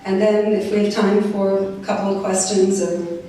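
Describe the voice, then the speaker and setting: Woman in her sixties, animated storyteller, booming echo, heard from afar. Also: moderate pace, a little hiss or hum. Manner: lively anecdotal, acting out quotes. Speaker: guest speaker. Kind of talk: storytelling speech to students. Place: large echoey high school hall. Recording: echoey hall, distant mic.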